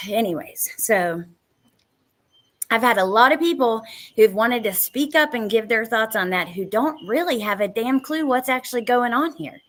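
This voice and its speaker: A woman's voice: on the high side, animated, measured pace, fairly bright tone. An exhausted woman hosting a live stream, chatting casually, blunt and frustrated, swearing now and then and greeting viewers by name. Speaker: true crime live stream host.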